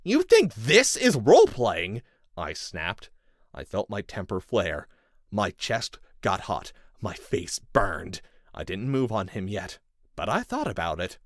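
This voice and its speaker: A man reads a first-person thriller in a low voice whose pitch moves a lot. His delivery is measured and intense, and the recording is dry and close with no room sound. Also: big pitch swings, fairly bright tone, no room sound. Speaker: audiobook narrator. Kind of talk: first-person scripted narration.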